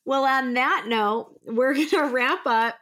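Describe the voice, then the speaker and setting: A woman with a fairly high voice speaks slowly and unhurriedly. She co-hosts a casual podcast chat and drops wry asides. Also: fairly bright tone. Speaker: podcast co-host.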